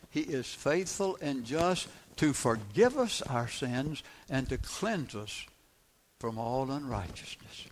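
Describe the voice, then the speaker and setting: A man's voice: medium pitch, slight background noise. A man preaching a sermon, emphatic, repeating key phrases and asking the congregation rhetorical questions.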